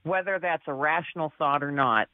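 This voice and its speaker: A woman's voice: low-pitched, moderate pace, no room sound, narrow, tinny audio. A woman guest author telling a personal story in a chatty, casual way, laughing often and using many fillers.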